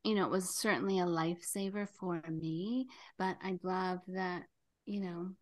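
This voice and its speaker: A woman's voice: on the low side, fairly even intonation, moderate pace. Older woman telling a story with laughter. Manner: storytelling, frequent fillers, laughs while telling. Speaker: guest. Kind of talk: casual podcast chat.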